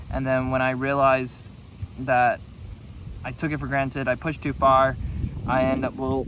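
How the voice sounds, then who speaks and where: A man's voice: mid-range voice, fairly bright tone, a little hiss or hum, low-quality recording. Young American man rambling a personal story. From New Mexico. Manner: rambling, self-correcting storytelling. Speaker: vlogger. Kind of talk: casual talk to camera.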